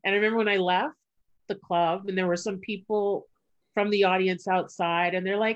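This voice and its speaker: Soft-spoken woman on a dull line. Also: medium pitch, steady tone, normal speed. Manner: soft, affirming, frequent backchannels. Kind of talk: casual interview chat.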